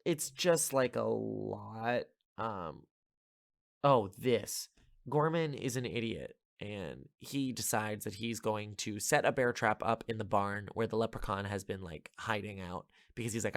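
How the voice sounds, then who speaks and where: A man's voice: lowish voice, normal speed, creaky, no echo, studio quality. A man hosting a podcast, casually recapping a movie plot in a rambling, filler-heavy way with sarcastic asides. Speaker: podcast host.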